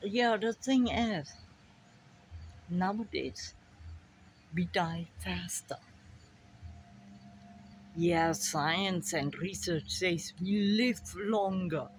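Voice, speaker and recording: A woman's voice: lowish voice, very slow, long pauses, slight background noise. A middle-aged woman talking reflectively in a personal vlog, sometimes dropping to a whisper for asides. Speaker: vlogger.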